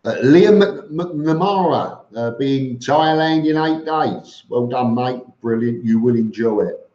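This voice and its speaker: A vlogger with a warm, medium-pitched voice and lively intonation talks slowly as he reads viewer comments on a live stream. His answers are blunt and matter-of-fact, casual, full of fillers and restarts, with the odd "mate." The stream audio is roomy, dull, and lo-fi.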